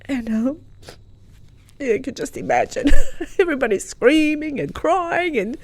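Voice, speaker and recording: A woman, a guest telling a personal story in an interview, lively, moving from hushed to loud. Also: sits high, unhurried, dry recording. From Croatia.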